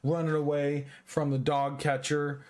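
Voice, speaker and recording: A man's voice: fairly high pitch, level tone, unhurried, darkish tone. A young man, a little drunk, rambling through a casual review of a cartoon film, swearing often and restarting his sentences. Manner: rambling, profane, many restarts and fillers. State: tipsy.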